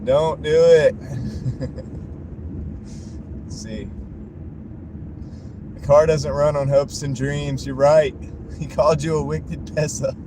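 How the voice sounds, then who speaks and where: A man's voice: fairly high pitch, fairly even intonation, takes it slowly, pauses often. A man live-streaming from his car while he drives, chuckling often as he reads and answers viewer comments. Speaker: livestreaming delivery driver. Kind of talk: casual live-stream chat. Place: inside a car while driving. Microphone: wireless clip-on mini mic. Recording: road noise from the moving car.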